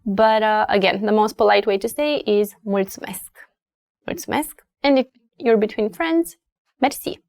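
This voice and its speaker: A woman with a Romanian accent, a native Romanian speaker, teaching a language lesson and explaining carefully, repeating words slowly. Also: medium pitch, a little mellow, no echo, studio quality.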